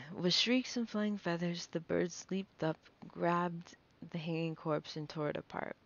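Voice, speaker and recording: A woman's voice: lowish voice, steady tone, measured pace, dull audio. A woman reading a fantasy novel aloud, nervous, stumbling and correcting herself as she goes. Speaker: reader.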